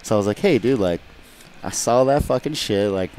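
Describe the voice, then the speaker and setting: A man's voice: on the low side, moderate pace, darkish tone, a little hiss or hum. A man telling a rambling, profane story in casual radio chat, acting out what people said. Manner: profane, rambling, acts out quotes. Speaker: guest fighter.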